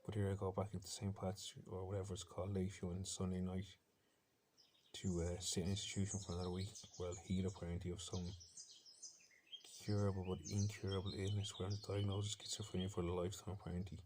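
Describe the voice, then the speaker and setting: An intense Irish man rambles through a defiant personal monologue at a fast clip. His voice sits low and stays flat, with little rise or fall. Faint bird sounds play on a laptop behind him. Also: slight background noise.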